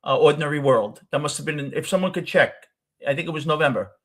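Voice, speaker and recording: A man's voice: on the high side, expressive, fast, fairly bright tone. An older man with a New York accent, telling a rambling personal story as the host of a casual talk show. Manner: rambling, self-correcting storyteller.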